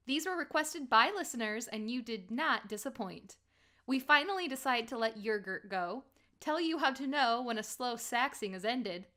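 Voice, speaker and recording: Bright high-voiced woman podcast host. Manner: upbeat, quick to laugh. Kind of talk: scripted intro then casual chat. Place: home.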